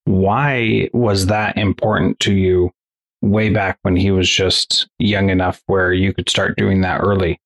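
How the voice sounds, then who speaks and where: Deep, husky-voiced male interviewer. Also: level tone, a little slow. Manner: thoughtful, restarts his sentences. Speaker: podcast host. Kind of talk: casual interview conversation.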